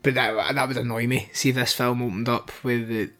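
A man's voice: mid-range voice, level tone, brisk, fairly bright tone, faint music behind. Laid-back Scottish man with wry humour. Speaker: podcast co-host. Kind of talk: casual film-review chat.

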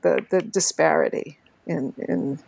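A woman in a casual book chat, talking in an animated way and reading passages aloud. Her voice is lowish and gravelly. The sound is dry and close. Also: measured pace, no room sound.

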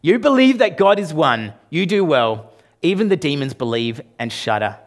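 With big swings in pitch and a moderate pace, a man preaches as pastor, emphatic yet conversational. He often turns questions toward the congregation, raising and lowering his pitch and volume for emphasis.

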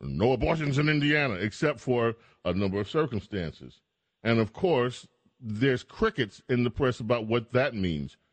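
Emphatic talk radio host, dry studio sound. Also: male voice, mid-range voice, animated, moderate pace, no echo. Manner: emphatic, mocking, rhetorical.

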